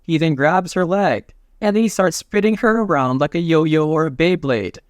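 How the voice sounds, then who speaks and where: A man narrating a comic recap in a casual, jokey play-by-play with quick asides. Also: on the high side, no echo, studio quality.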